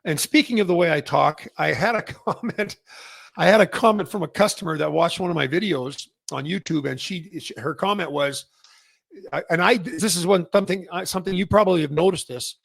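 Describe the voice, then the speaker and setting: Rambling gravelly man, dry close sound. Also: fairly high pitch, a little fast, fairly bright tone, dry recording. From Canada. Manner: rambling, many restarts and fillers. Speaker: massage chair retailer and host. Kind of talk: casual industry update talk.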